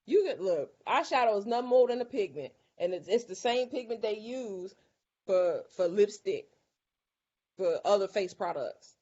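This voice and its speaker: Woman, makeup tutorial host, casual, lively, mid pitch, dull sound. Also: moderate pace. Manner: lively, exclaims and repeats herself.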